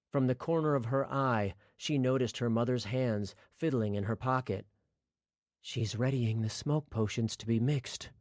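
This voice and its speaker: A man narrating a fantasy audiobook in a steady, scripted storytelling voice. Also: medium pitch, no echo, clean studio sound.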